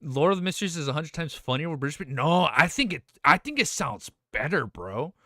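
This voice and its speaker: Excitable, animated male streamer. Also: on the high side, a little fast, dry recording, clean studio sound. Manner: excitable, chatty, swearing. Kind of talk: live reaction stream.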